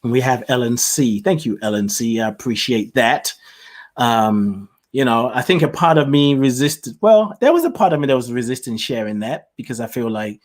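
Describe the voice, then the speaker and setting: Animated man with British-Nigerian-Southern accent. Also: moderate pace. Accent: mix of British, Nigerian and Southern US. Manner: animated, chatty, laughs often, big pitch swings. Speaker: host. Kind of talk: casual live-show monologue.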